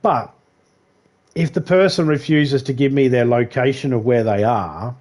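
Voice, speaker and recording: A man's voice: medium pitch, unhurried, darkish tone. Aussie guy on a live game stream, rambly and chatty, laughs a lot, talks to his chat.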